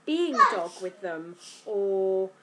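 Chatty British mum vlogging, noisy recording. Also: female voice, mid-range voice, slow. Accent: British English. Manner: chatty, lively, swears casually. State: tired from lack of sleep. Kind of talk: casual chat to camera.

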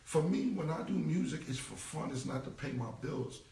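A man's voice: on the high side, expressive, normal speed, creaky, warm tone. A forty-year-old man, talking bluntly and repetitively in heavy slang as an interview guest. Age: 40s. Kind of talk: casual interview talk. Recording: roomy, distant from the mic.

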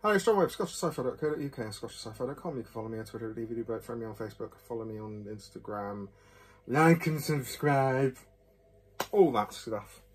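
A man's voice: fairly low pitch, very fast, hardly any pauses, slightly rough. A man, casually reviewing a whisky in a rambling, jokey, self-mocking way with many fillers.

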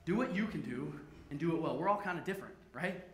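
High-pitched guy pastor preaching, jokey and playful, echoey church room. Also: expressive, fast. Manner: playful, joking with the congregation. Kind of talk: sermon. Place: church sanctuary.

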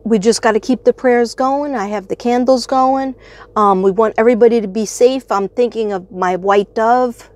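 A woman's voice: on the high side, dry recording. A woman in her fifties, a retired teacher, chatting in a rambling, bubbly way on her astrology vlog, laughing often. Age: 50s. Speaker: astrology vlogger.

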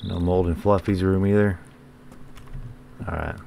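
A man's voice: deep voice, steady tone, a little slow, gravelly, dark tone, slight background noise. A man hosting a gaming channel, giving profane, joking let's-play commentary and talking back to the characters on screen.

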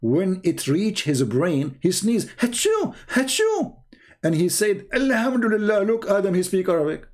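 A man's voice: sits high, normal speed, few pauses, mellow. A man hosting a mocking religious commentary, speaking sarcastic, incredulous English with broken grammar. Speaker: host.

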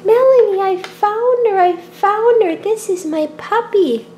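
A woman voicing a cheerful little girl bunny in a toy play-acting video, bubbly and squealing with excitement. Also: high-pitched, normal speed, muffled recording, a little hiss or hum. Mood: excited.

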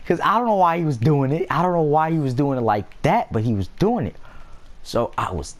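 A young gameplay vlogger talks casually while playing a video game, swearing and wandering between stories and asides. His voice is fairly high and sing-song, and he speaks fairly quickly.

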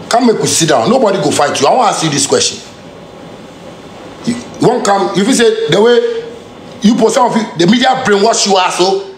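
A man's voice: high-pitched, echoey room, slight background noise. A man with a Ghanaian Pidgin English accent delivering a heated, confrontational rant full of street slang and repeated phrases. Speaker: musician. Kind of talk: angry direct-to-camera rant.

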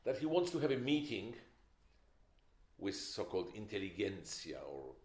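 A man's voice: fairly low pitch, very animated, moderate pace, a little mellow. An older man giving a film masterclass, opinionated and emphatic, with wry stories. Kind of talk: masterclass lecture. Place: lecture hall. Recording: echoey lecture hall.

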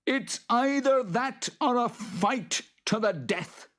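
A storyteller voicing a huge, hairy male boggart who shrieks in a high, strained voice and schemes. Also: lively intonation, slow. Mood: growling. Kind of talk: storybook reading.

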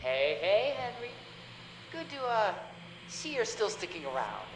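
Woman voicing a hesitant boss, halting speech, lively ups and downs, roomy echo. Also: mid-range voice, heavy background noise. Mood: matter-of-fact. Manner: halting, with many pauses and fillers. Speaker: game character briefing the night guard.

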